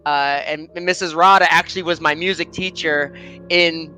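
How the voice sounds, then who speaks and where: Friendly male author with a bright voice. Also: a little high, steady tone, moderate pace, soft background music, poor audio. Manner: friendly, laughs often, many fillers. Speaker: author guest. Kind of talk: casual interview chat.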